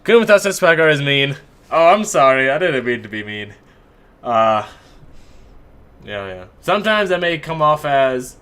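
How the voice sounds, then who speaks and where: A man casts a live esports match and chats with his stream viewers. He talks in a loose, joking way and pokes fun at himself. His voice sits at an ordinary middle pitch for a man. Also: sing-song, normal speed, long pauses, fairly bright tone, faint music behind. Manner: joking, self-mocking, chatty.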